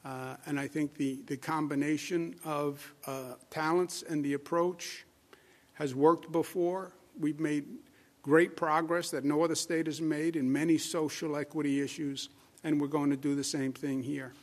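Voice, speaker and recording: Queens accent guy, fairly high voice, official doing a press statement, lots of uhs, hammers his points. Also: little pitch movement, a little slow. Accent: Queens New York. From Queens, New York. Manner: emphatic, repetitive, many filler "uh"s.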